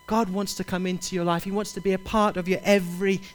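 A man's voice: sits high, little pitch movement, fast talker, soft background music. A man preaching a sermon, urging his listeners directly and repeating his key phrases with passion. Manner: impassioned, repetitive, urges listeners directly.

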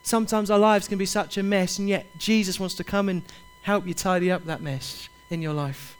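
A man's voice: high-pitched, fairly even intonation, normal speed, smooth. A man preaching a sermon, urging his listeners directly and repeating his key phrases with passion. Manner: impassioned, repetitive, urges listeners directly.

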